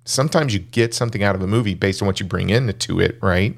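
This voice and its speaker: A man's voice: lowish voice, fast talker, vocal fry. A man in a casual film discussion, skeptical and critical as he pushes back on points.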